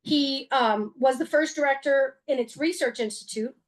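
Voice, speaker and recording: A museum executive director gives a slideshow talk to an audience in a voice that sits high, at a moderate pace. She is conversational and earnest, with wry humor, plenty of fillers, and frequent self-corrections.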